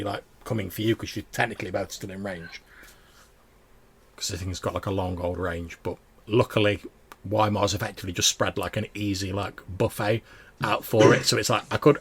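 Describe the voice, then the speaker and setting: A man with a low, husky voice narrating a tabletop game as its game master. His narration is loose and casual, full of fillers.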